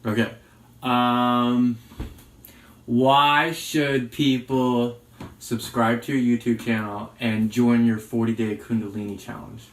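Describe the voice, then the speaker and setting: A man's voice: medium pitch, level tone, takes it slowly. A father chatting casually and jokingly, then quizzing his partner like a bossy interviewer. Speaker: co-host asking questions. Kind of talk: casual chat. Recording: roomy with faint noise.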